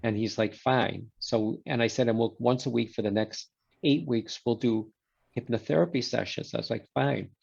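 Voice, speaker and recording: A man's voice: medium pitch, moderate pace, creaky, husky, lo-fi sound. A man, a guest in a conversation, telling a story and acting out the quoted exchanges. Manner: animated storyteller who voices quoted exchanges.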